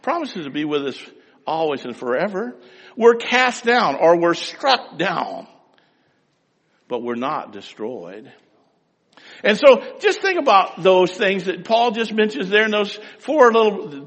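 A middle-aged man preaching a sermon, telling folksy stories with sudden swings between loud and soft. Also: fairly high pitch, big pitch swings, measured pace, long reverb tail. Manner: folksy storytelling with wide swings in loudness. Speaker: pastor.

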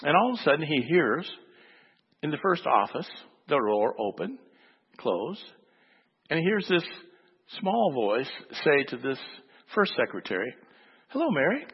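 A man's voice: a little high, very animated, measured pace, long pauses, breathy edge, in a large hall, lo-fi sound. A man preaching a sermon, telling a story and acting out its voices before making his point. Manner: storytelling, acts out voices in the anecdote. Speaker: pastor.

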